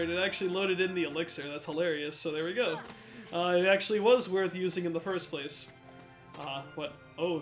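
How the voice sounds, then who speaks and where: A man's voice: sits high, fairly bright tone. A young man doing let's play commentary, sarcastic and joking. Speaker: gameplay commentator.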